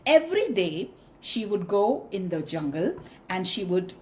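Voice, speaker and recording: A woman telling a story to children, expressive and inviting them to sing along. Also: medium pitch, unhurried, very noisy.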